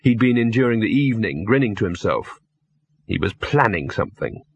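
A man narrating an audiobook in a steady, dry storytelling manner. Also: on the low side, fairly quick, husky, dry recording. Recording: dull lo-fi dry recording.

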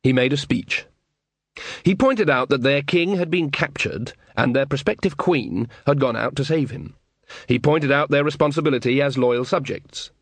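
A man narrating an audiobook in an expressive, dryly witty way. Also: medium pitch, moderate pace, husky, no room sound.

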